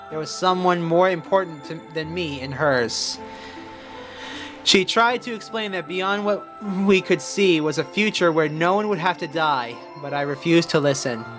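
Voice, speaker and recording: A man's voice: a little high, fairly bright tone. A man voicing a grave male figure recalling a painful past, in a robot voice while reading game dialogue.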